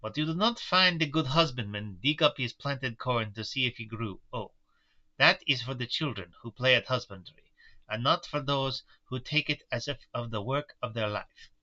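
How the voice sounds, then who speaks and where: A man voicing an old foreign professor with a put-on Central European accent, slow and solemn. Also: mid-range voice, bright, forceful tone, dull audio. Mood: lecturing.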